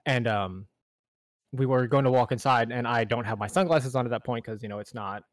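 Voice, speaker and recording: A man's voice: mid-range voice, a little fast, no room sound. Young man telling a story, laughing. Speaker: podcast co-host. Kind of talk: casual storytelling.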